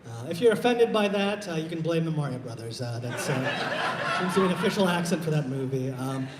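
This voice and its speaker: A man from Iowa working a stand-up set with a fairly high voice, laid back and halting, leaning on little fillers as he goes. He speaks into a handheld stage mic, and the sound rings in a roomy hall with a long reverb. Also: expressive, heavy background noise. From Iowa, USA. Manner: halting, low-key delivery with many uh fillers. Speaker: stand-up comedian. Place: live comedy show in a hall.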